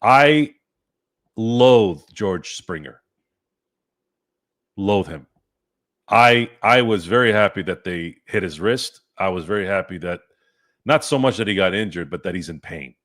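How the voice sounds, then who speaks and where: A man's voice: sits low, normal speed, fairly bright tone. A man hosting a live-stream sports chat, ranting and cursing in a fired-up way. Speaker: sports podcast host.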